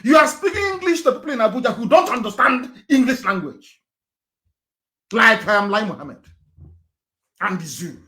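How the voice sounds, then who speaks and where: A man delivers a fiery, confrontational live broadcast. His voice sits a touch high for a man. He lurches from shouting to low, pressing intensity and hammers the same phrases again and again. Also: animated, normal speed, long pauses. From Nigeria. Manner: repeats phrases for emphasis. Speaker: broadcaster addressing listeners. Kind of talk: live impassioned broadcast speech.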